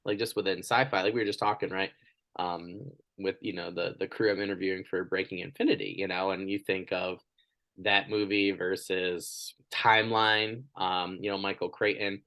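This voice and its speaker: Animated low-voiced male podcast host. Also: moderate pace. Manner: animated, energetic storytelling. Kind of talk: casual interview chat.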